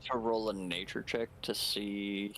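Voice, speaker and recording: A man's voice: on the low side, flat delivery, measured pace, over a noisy crowd. A man playing a tabletop game, talking in a dry, sarcastic way. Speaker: player. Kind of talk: casual tabletop play.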